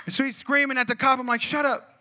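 A man preaching a sermon, telling a funny personal story, acting out voices and shouting asides to the congregation. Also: very high voice, flat delivery, very fast.

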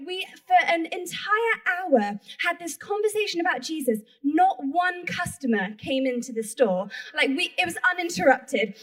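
A young woman shares a testimony at a church gathering with a high, bright-pitched voice. She tells the story animatedly, acting out each exchange. She sounds a little far from the microphone. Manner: animated storytelling, acts out dialogue. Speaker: church member giving testimony. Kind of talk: excited testimony.

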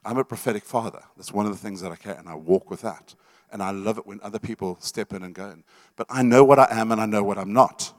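Speaking fast with few pauses, a middle-aged male pastor preaches to a church meeting in a lowish voice. His teaching is emphatic yet conversational, with repeated words and questions thrown to the room.

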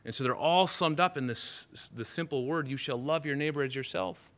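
A pastor gives a relaxed, conversational sermon, reading scripture and then unpacking it. His voice is bright and forward, and he often restarts his sentences as he thinks aloud. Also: on the high side, normal speed.

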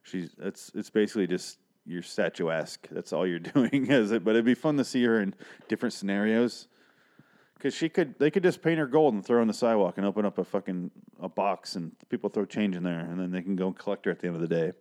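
A man's voice: on the low side, fast, darkish tone. A man hosting a podcast alone, rambling and swearing as he recaps a story and acts out the characters. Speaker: podcast host. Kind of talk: casual solo podcast chat.

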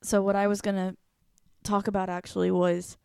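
Woman, mid-pitched, casual storytelling co-host, blunt and expressive, dry close mic. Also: moderate pace, creaky, clear, resonant tone, no room sound. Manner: candid, swears freely, animated retelling. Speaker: podcast co-host.

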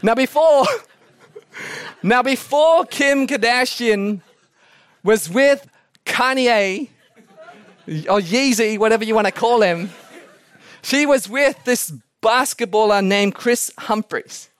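A man preaching a sermon as a pastor, telling animated stories with chuckling asides. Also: very high-pitched, slow, long pauses, smooth, no room sound. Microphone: podcast recording.

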